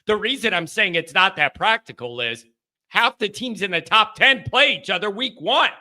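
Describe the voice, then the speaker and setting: High, bright-voiced talk-show guy. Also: expressive. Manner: rambling, self-deprecating, quick laughs. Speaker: call-in show host. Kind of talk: casual sports talk monologue.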